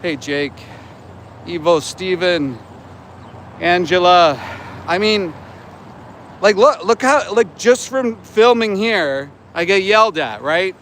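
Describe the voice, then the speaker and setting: On a city sidewalk, a vegan activist in his forties livestreams, his high, fairly bright voice expressive but slow, broken up by long pauses. He talks with indignation and repeats himself under challenge. Street traffic is faintly audible in this outdoor live vlog.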